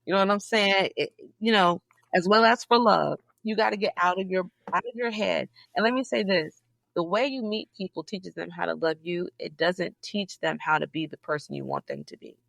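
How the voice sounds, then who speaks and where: Gravelly, animated woman. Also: normal speed, no room sound. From Southeast Georgia, US. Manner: animated, emphatic storytelling with sudden high, loud peaks. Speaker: podcast guest, librarian. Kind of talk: casual interview conversation.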